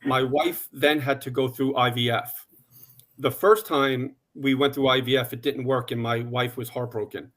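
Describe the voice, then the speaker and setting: A man in his forties telling his personal story on a panel in a steady, plain way, with some "uh" fillers. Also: mid-range voice, normal speed. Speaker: conference panelist.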